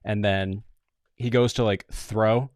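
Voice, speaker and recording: Young dude co-hosting a pod, lowish voice, dry close mic, rambles with "like" everywhere. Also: male voice, fairly even intonation, slow pace, a little mellow, dry recording. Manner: rambling storytelling with many "like"s. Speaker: podcast co-host. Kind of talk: casual chat.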